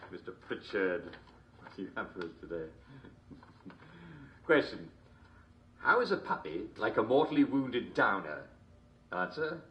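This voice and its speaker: A man's voice: lowish voice, sing-song, a little slow, pauses often, highs cut off. A man playing a jovial, constantly chuckling TV host, mock-cheerful and smarmy. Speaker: show host. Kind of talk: comedic character monologue.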